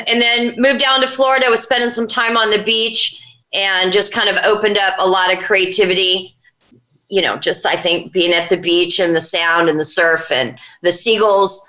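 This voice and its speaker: A woman's voice: mid-range voice, bright, forceful tone, echoey room, low-quality recording. A woman inventor as a guest, chatting casually and rambling with many fillers. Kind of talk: casual interview talk.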